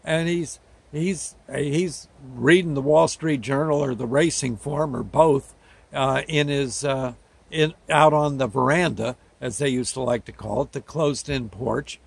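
A man's voice: mid-range voice, unhurried, vocal fry, breathy edge. A man from New Jersey telling a childhood memory in a folksy, rambling storytelling way. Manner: folksy, rambling, with plain homespun words. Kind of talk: casual spoken storytelling.

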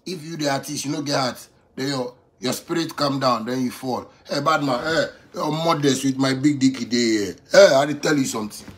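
A man in his thirties speaking Ghanaian Pidgin English in a boastful, swaggering off-the-cuff rant. He repeats phrases for emphasis and swings from quiet to loud. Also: medium pitch, normal speed. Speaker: musician addressing critics.

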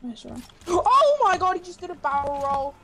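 A woman on game voice chat, making quick, excited callouts to her team. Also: very high voice, loud music behind the voice. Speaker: teammate on voice chat. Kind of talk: gaming voice chat.

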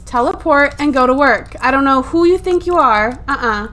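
High-voiced woman, exasperated gameplay chatter. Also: expressive, normal speed, few pauses, fairly bright tone. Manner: exasperated, swears freely, laughs often. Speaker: let's play gamer. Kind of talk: casual gameplay commentary. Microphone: desktop USB microphone.

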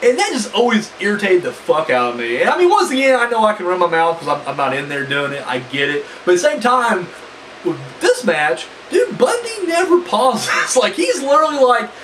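A man reviews a wrestling match in a loose, rambling way, cursing often and leaning on fillers. His voice sits high and swings up and down with lively energy. He sounds a little far from the mic, with a faint hiss behind him. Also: brisk. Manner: animated, profane and rambling, full of fillers. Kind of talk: casual spoken review.

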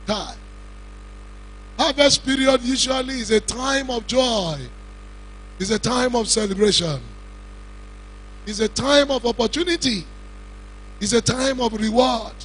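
A man with a Nigerian Yoruba-speaking accent preaching a funeral sermon in a cathedral, slow and emphatic, with shouted lines and questions he puts to the congregation. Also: very high-pitched, husky, poor audio. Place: large cathedral.

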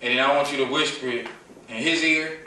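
A Detroit man, medium-pitched with fairly even intonation, speaks a little fast in a bright, forceful tone while giving a live lecture. Playful and preachy, he fires questions at the crowd and leans into the call-and-response. The room is echoey, the mic distant, with faint background noise.

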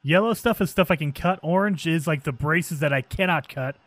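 A man hosting a gaming channel, giving excitable let's play commentary and thinking aloud as he plays. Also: a little high, brisk, dry recording.

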